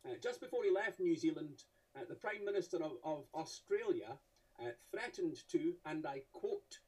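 A man gives a humorous illustrated talk, full of wry, theatrical asides to his listeners. His voice sits a little high for a man, mellow and slightly husky. He is picked up from some distance away from the mic. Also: lively intonation, normal speed. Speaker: speaker presenting cartoons to an audience.

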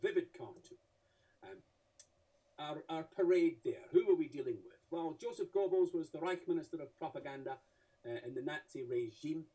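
A man gives a humorous illustrated talk, full of wry, theatrical asides to his listeners. His voice sits a little high for a man, mellow and slightly husky. He is picked up from some distance away from the mic. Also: moderate pace, highs cut off. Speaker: speaker presenting cartoons to an audience.

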